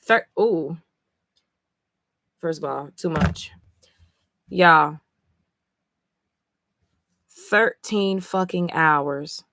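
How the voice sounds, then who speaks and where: A woman talking casually on a live stream, tired after a long session, excitable and full of swearing. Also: low-pitched, drawn-out words, creaky, pauses often, no echo. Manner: excitable, profane, emotional. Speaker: live-stream comic reader.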